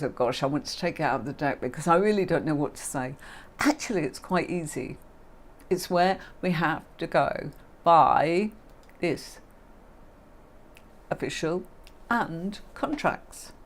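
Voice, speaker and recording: A middle-aged woman, hosting a livestream and teaching tarot in a chatty, affectionate way. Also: low voice. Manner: chatty and affectionate, calls viewers darling and my lovely. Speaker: tarot reader and livestream host.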